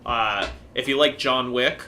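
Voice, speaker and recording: Animated young man telling stories, bright voice. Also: medium pitch, unhurried, a little hiss or hum. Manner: animated storyteller, swears, acts out quotes. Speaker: co-host. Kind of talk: casual podcast chat.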